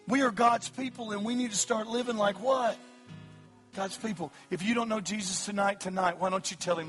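Impassioned male preacher, pleading to shouting. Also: sits high, brisk, soft background music. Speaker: pastor. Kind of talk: evangelistic sermon. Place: church service.

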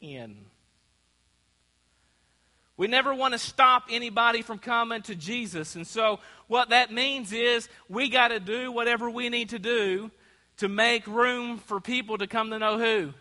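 A pastor with a very high, bright, forceful voice preaches unhurriedly in a church sanctuary, asking the congregation to call out answers. Long church-hall reverb fills the recording.

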